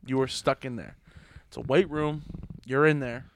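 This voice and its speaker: A young man co-hosting a podcast, rambling and joking in casual chat, now and then slipping into high mocking voices. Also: steady tone, moderate pace. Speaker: podcast co-host.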